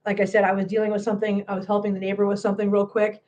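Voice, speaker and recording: A woman's voice: mid-range voice, monotone, very fast, darkish tone. Tearful, impassioned woman streamer. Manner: emphatic, impassioned, repeats phrases. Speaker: cat channel host. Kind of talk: livestream chat to viewers.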